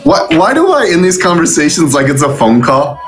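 Lively playful male stream host. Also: a little high, a little fast, faint music behind. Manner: playful, laughs at himself, fills with "um" and "uh". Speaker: show host. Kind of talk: casual live-stream interview.

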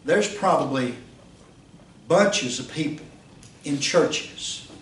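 Fiery high-voiced preacher. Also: male voice, expressive, slow. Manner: rhetorical questions, pitch swings, rises to shouts. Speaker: pastor teaching a Bible institute class. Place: church classroom. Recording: roomy, distant mic, faint hiss.

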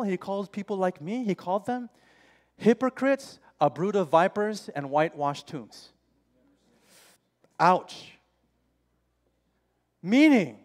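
A man in his forties preaching an impassioned, emphatic sermon in a church, often calling his listeners friends. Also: extremely high pitch. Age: 40s. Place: church sanctuary. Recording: church hall reverb, faint music.

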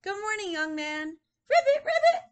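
A woman voicing an excited little boy who loves the rain in a storybook read-aloud, with a squealing, bouncy cheer. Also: very high-pitched, normal speed, voice pushed up. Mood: gleeful.

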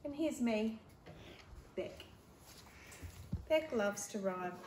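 A woman reads her handmade picture book to children in a gentle, explaining way. She speaks slowly, in a high voice. The sound echoes in a roomy space with faint ambience. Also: lively intonation, a little hiss or hum. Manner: gentle, explaining to young kids. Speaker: teacher.

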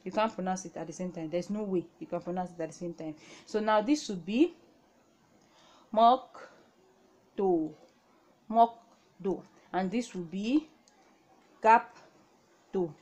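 A woman's voice: lowish voice, a little fast, few pauses, darkish tone. Patient woman teaching at a whiteboard. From Nigeria. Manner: patient, repeats words, frequent "okay?" checks. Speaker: language teacher. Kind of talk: whiteboard lesson.

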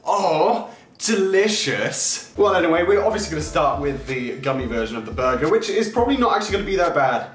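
A young man hosts a food taste-test vlog in an animated, exclaiming way, his pitch jumping around. His voice sits a little high. The room is echoey, with faint music underneath. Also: racing, hardly any pauses. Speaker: YouTuber host.

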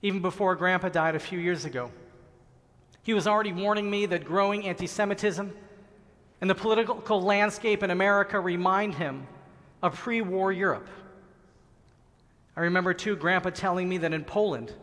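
Middle-aged rabbi guy giving a sermon, highish voice, long echo off the big hall. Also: a bit bright. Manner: measured, earnest sermon delivery with slow emphatic pauses. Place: large synagogue sanctuary. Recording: long reverb of a large hall.

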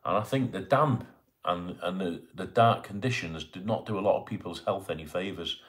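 A low-pitched male voice at a moderate pace belongs to a middle-aged man doing a laid-back live stream at home in Bournemouth. He chats along, reading viewers' comments and greeting them by name.

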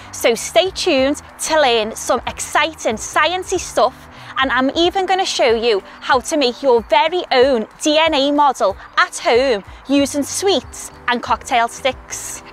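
A woman with a Scouse accent, a scientist explaining science to primary school children in a cheerful, clear way. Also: high-pitched, a bit bright. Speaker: scientist presenting a kids' science video. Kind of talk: educational talk to children.

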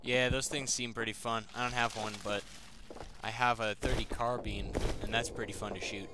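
A man chatting casually while playing a co-op zombie game with a friend, joking and bursting into shouts when the action picks up. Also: medium pitch, fairly even intonation, normal speed. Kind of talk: casual let's-play chat. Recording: loud game noise under the voice.

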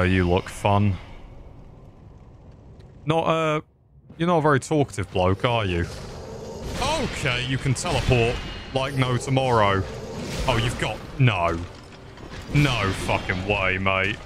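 Slow-talking joking British man. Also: mid-range voice, background noise. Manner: crude, joking and sarcastic. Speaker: gaming channel host. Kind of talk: casual gameplay commentary.

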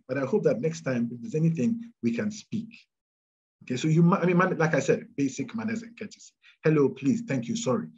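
Ghanaian man, emphatic adviser, lively pitch, dull low-fi sound. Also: breathy edge. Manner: animated, emphatic, repeats key advice. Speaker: speaker answering audience questions. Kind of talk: career advice talk.

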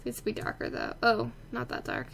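Brief: high, bright woman narrating her gameplay, playful and chatty. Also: very animated, brisk, vocal fry, slight background noise. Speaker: let's play gamer. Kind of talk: casual gameplay commentary.

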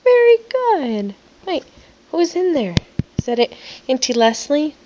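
A woman's voice: sits high, lively intonation, normal speed, lo-fi sound, background noise. A woman talking playfully to a toddler in a coaxing, sing-song way, recorded on a phone. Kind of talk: home video chat with a small child.

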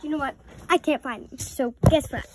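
A woman's voice: high-pitched, normal speed, noisy background. A preteen girl, rambling through a casual vlog with many apologetic asides. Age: around 11 or 12. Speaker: vlogger.

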